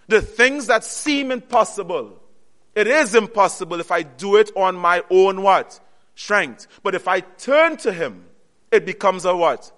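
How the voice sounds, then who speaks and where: A man preaching a sermon, earnestly repeating key phrases and pausing on "what?" to let listeners finish the line. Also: sits high, animated, a bit bright. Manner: call-and-response, pausing on "what?" for the audience to finish.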